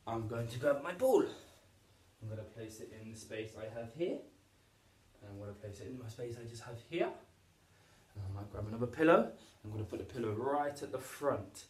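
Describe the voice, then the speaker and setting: A man's voice: medium pitch, expressive, brisk. A male PE teacher leading a home exercise lesson for young children, upbeat and encouraging as he demonstrates each move. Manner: upbeat, encouraging, demonstrating moves while talking. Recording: roomy echo, voice from a distance.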